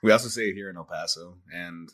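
A man's voice: deep voice, fast, a bit bright. A man from Texas guesting on a podcast, chatting playfully and swearing freely. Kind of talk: casual podcast chat.

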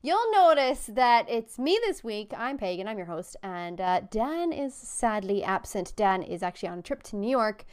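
A woman's voice: mid-range voice, sing-song, normal speed, hardly any pauses, darkish tone, smooth. A young woman hosting a podcast in casual chat, talking loosely and laughing often. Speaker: podcast host.

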